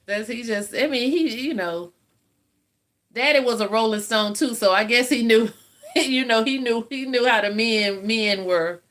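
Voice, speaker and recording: Woman, 50s, livestream host; bright, forthright voice, folksy chat with frequent laughs. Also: fairly high pitch, measured pace. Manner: chatty, laughs often, folksy storytelling. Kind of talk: casual live chat with viewers.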